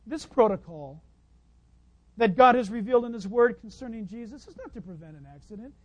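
A man preaching a sermon, stressing key lines with sudden high leaps and dropping into chatty asides. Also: animated, brisk, darkish tone, dry recording, dull audio. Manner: emphatic preaching, voice leaping high on key phrases. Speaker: pastor.

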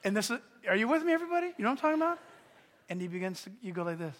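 A man preaching a sermon as pastor, animated and swinging from hushed asides to shouts. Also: sits high, very fast, big-room sound. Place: church.

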